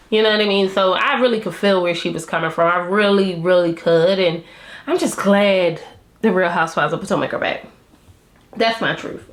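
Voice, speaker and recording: A woman vlogger reviewing a reality show, chatting to her viewers in a candid, slangy way and laughing often. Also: medium pitch. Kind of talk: casual chat to camera. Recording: roomy echo.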